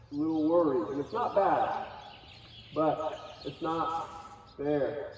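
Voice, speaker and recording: A man teaching a live horse-training clinic, talking in a calm, coaxing way to both the horse and the watching group. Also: a little high, slow pace, a little hiss or hum. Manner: calm, coaxing, talks to horse and audience in turns. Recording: distant, echoey, dull outdoor recording.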